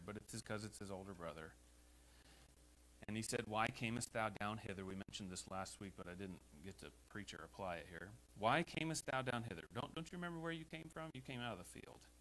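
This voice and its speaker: A man with an American accent preaching a sermon as pastor in a church, emphatic and rising to loud exhortations. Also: fairly low pitch, poor audio. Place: church sanctuary. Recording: faint hum behind the voice.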